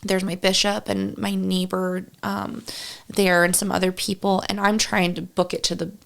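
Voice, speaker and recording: A woman's voice: medium pitch, flat delivery, normal speed, gravelly, a bit bright. A young woman guest on a podcast, telling a painful personal story in a raw, rambling way full of "like.". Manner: raw, rambling, full of "like" and quoted self-talk.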